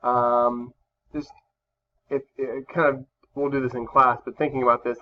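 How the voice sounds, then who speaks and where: A man's voice: medium pitch, little pitch movement, measured pace. A male teacher giving a recorded classroom lesson over slides, talking casually with many fillers and restarts. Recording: slightly dull lo-fi recording with faint background hum.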